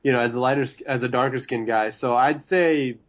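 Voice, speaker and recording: A young man who is a podcast guest, talking in a relaxed, easygoing way with plenty of hesitations. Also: mid-range voice, fairly quick. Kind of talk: casual chat. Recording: slightly dull, lo-fi sound.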